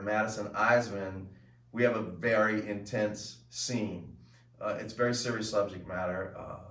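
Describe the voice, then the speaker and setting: A middle-aged man hosting a casual home show, telling stories in a lively, chatty way with plenty of fillers. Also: lowish voice. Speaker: host. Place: home room with family. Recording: echoey room, mic at a distance.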